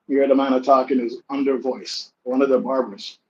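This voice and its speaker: Easygoing male co-host telling stories, gets loud and animated in reenactments, slightly dull recording with faint hiss. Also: medium pitch, brisk, few pauses. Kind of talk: casual storytelling chat. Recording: slightly dull sound with faint background noise.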